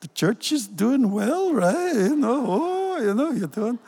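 A woman's voice: on the high side, very animated, slow pace, mellow, slightly rough, pitched above the performer's own voice, full character voice. A man putting on a cynical Scottish mother. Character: cynical middle-aged Scottish mother, sharp-tongued neighbor. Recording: long reverb in a large hall.

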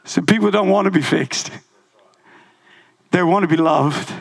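High gravelly man preaching. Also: a little slow. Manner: animated storytelling, laughing often. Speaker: pastor. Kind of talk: sermon with personal story.

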